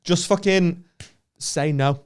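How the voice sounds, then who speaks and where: A man from the north of England, co-hosting a comedy podcast, telling an animated, sweary story in casual chat. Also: high voice, slow, smooth. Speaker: podcast co-host.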